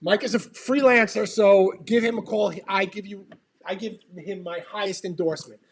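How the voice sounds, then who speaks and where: A man co-hosting a casual livestream chat, loud and laughing, swearing often. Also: sits high, steady tone, moderate pace. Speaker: podcast co-host.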